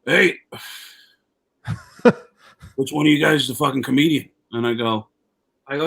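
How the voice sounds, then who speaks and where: A man telling a long, rambling story with lots of restarts and cursing. He keeps jumping up in pitch to act out what people said. The sound comes over a video call. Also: moderate pace, creaky, pauses often. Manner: animated storyteller, acts out quotes with raised voice; profane, rambling with many restarts. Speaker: comedian guest. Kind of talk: storytelling anecdote.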